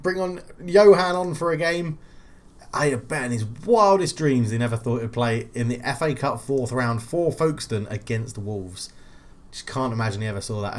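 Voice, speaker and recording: A young man hosting a football game playthrough, chatty and excitable, mumbling asides and shouting at goals. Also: mid-range voice. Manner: excitable, swings between mumbled asides and loud goal calls. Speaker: video game channel host. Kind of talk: let's play commentary.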